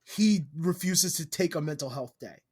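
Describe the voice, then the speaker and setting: Podcast co-host, casual chat, animated delivery with wide pitch swings, casual swearing. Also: moderate pace, husky.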